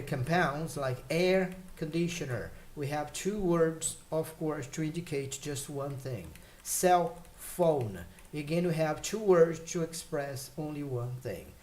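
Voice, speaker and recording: A man teaching English vocabulary in a relaxed, explanatory way, pausing with fillers and checking in with "okay?" and "right?". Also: on the high side. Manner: explains slowly with many fillers and check questions. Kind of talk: casual spoken lesson.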